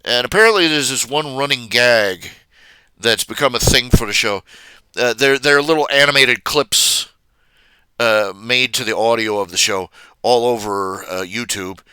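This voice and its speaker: A man's voice: medium pitch, measured pace, bright, forceful tone, clean tone, no room sound. A man chatting casually on his live stream, rambling with many fillers and restarts.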